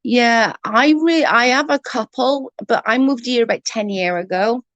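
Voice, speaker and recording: A woman's voice: on the high side, measured pace, a bit bright, dry recording, dull audio. A woman chatting casually on a livestream, rambling and swearing freely while answering comments. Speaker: livestream host.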